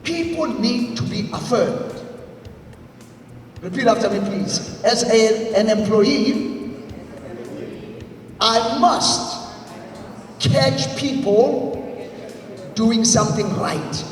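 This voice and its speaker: A man's voice: extremely high pitch, drawn-out words, pauses often. A man giving an emphatic motivational leadership talk, leading the audience in repeat-after-me lines. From South Africa. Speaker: motivational speaker. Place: large congress hall. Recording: echoey hall, voice from far off, faint music.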